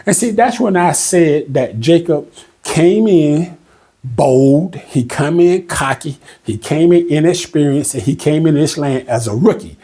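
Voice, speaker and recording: A man teaching a Bible study in a casual, emphatic, conversational way, reading the verses slowly. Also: on the high side, expressive, warm tone, slightly rough.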